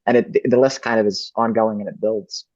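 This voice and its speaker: A man's voice: on the low side, steady tone, brisk, darkish tone, dry recording. A man answering interview questions as a ventriloquist guest, reflective and thinking aloud. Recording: dull lo-fi dry recording.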